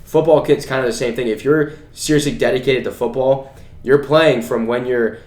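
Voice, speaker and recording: A man's voice: mid-range voice, fairly even intonation, moderate pace, a little mellow. A young man co-hosting a casual podcast, telling rambling stories full of "you know" and "like". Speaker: podcast co-host. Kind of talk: casual chat. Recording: echoey room.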